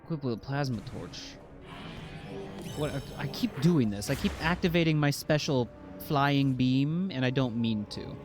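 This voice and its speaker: A man casually commentating his game playthrough, jokey and excitable, reading item scans aloud. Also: medium pitch, a little slow, over music. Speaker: game streamer. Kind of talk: casual let's-play commentary.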